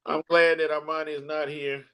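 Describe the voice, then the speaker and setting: A man's voice: a little high, little pitch movement, a little fast, a bit bright. A man co-hosting a sports talk show, easygoing, running through topics and tossing questions to his partner. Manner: easygoing, laughs at his own jokes, tosses questions. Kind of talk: casual sports banter.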